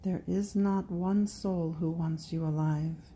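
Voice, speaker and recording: A woman reading a devotional meditation in a slow, prayerful way, speaking directly to Jesus. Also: on the low side, steady tone, mellow, slight background noise. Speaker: devotional reader.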